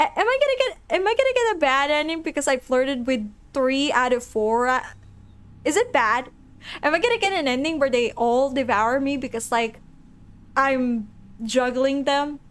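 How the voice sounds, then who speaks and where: A woman streaming a game, reading its text aloud and chatting excitedly with her chat. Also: sits high, moderate pace. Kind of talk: live game commentary.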